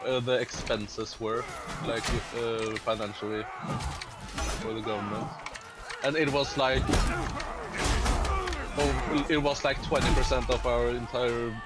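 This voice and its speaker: A man's voice: medium pitch, little pitch movement, unhurried, long pauses. Profane man ranting over game music. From Norway. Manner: profane, agitated ranting with many restarts. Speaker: game streamer. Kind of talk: casual chat while gaming.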